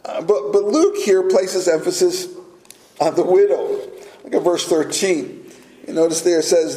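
A man preaching a sermon as pastor, speaking deliberately and pausing for emphasis. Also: sits high, darkish tone. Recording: echoey room.

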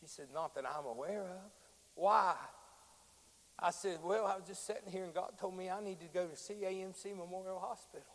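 A man preaches in a high, ringing voice. His sermon moves from quiet storytelling into loud, drawn-out shouting. The sound rings in a church hall with a long echo.

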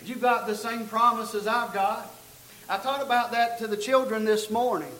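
A man preaching a sermon, telling a story and building to loud, emphatic peaks. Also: very high voice, steady tone, normal speed, echoey room, rough recording. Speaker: pastor.

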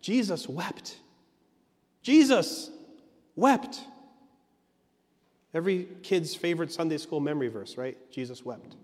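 A man's voice: a little high, expressive, fairly quick, hardly any pauses, darkish tone, in a large hall. A man preaching an earnest sermon as a pastor, leaning on emphatic repetition.

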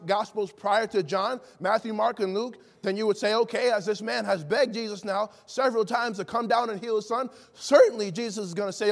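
A man delivers a sermon in a high, ringing voice. He leans on rhetorical questions and acts out the people he quotes. The sound carries a long reverb, as from a church sanctuary. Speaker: preacher.

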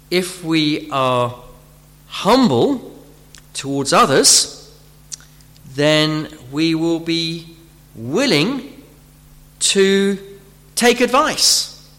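A man preaching a sermon, often pausing and repeating words as he searches for phrasing, and acting out imagined speakers as he teaches. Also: high voice, sharp tone. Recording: long hall reverb.

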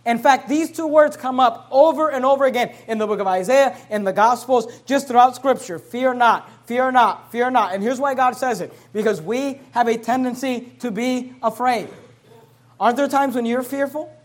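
Male preacher, high voice, casual delivery that swells into emphatic scripture readings. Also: normal speed. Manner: emphatic, conversational preaching with rising volume on scripture. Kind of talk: sermon.

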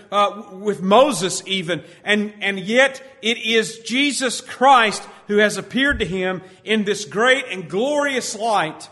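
Man preaching, fairly high voice, unhurried and emphatic, long church reverb. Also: pushed and bright. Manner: emphatic, drawn-out stresses, drops low on quoted scripture. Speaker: pastor. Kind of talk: sermon. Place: church sanctuary.

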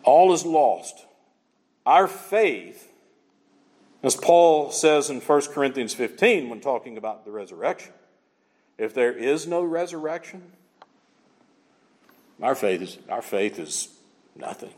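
A man's voice: medium pitch, sing-song, measured pace, pauses often, darkish tone, long reverb tail. A man preaching a sermon, emphatic and full of rhetorical questions, speaking in a church sanctuary. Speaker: pastor.

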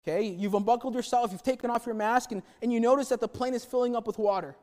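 High-voiced preacher man in a reverberant hall. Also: fast talker, dark tone. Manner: conversational, chatty with humorous asides. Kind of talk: sermon.

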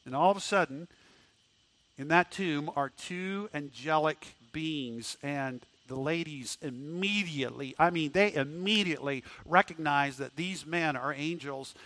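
A man preaching a sermon, swinging from loud rising questions to hushed, low tones, often repeating words as he restarts. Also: dry recording. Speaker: pastor.

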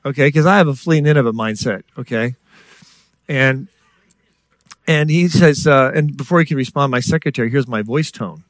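A man preaching a sermon in a lively storytelling way, acting out voices and joking with the congregation. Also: medium pitch, moderate pace, no room sound. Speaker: guest preacher. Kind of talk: sermon with stories.

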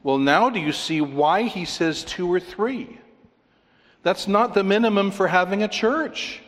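A man's voice: sits high, a little slow, fairly bright tone. A man preaching a sermon as a pastor, conversational and emphatic, asking rhetorical questions and chuckling now and then. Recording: long hall reverb.

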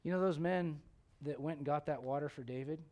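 A man preaching a sermon, telling stories and acting out the quotes, sometimes dropping to a hushed tone. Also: on the high side, fairly quick. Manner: animated storytelling, acts out quotes, drops to hushed tones.

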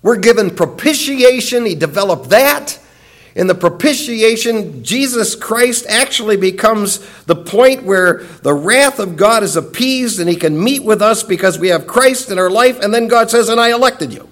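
High-voiced man preaching earnestly. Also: expressive, normal speed, a bit bright. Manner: earnest, emphatic teaching with repeated phrases. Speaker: pastor. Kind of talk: sermon.

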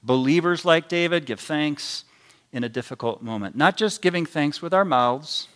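A man preaching a sermon in a deliberate, emphatic way, his loudness rising and dropping sharply for stress. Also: a little high, animated.

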